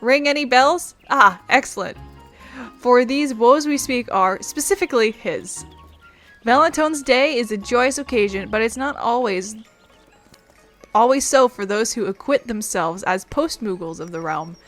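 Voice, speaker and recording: A woman's voice: fairly high pitch, animated, measured pace, fairly bright tone, faint music behind, pitched above the performer's own voice. Woman doing a theatrical courtly noblewoman. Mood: grand. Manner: flowery, theatrical, old-fashioned speech. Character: grand courtly noblewoman, an emissary of love.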